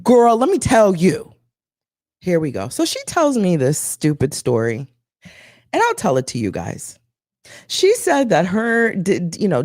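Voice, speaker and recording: Animated, gossipy woman host. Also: deep voice, no room sound, studio quality. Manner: animated, gossipy, acts out quotes. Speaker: show host. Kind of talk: casual chat, storytelling.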